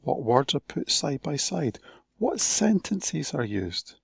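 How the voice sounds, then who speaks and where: A man giving a recorded conference talk, speaking slowly and deliberately with pauses between phrases. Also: medium pitch, big pitch swings, gravelly, a bit bright, husky, no room sound.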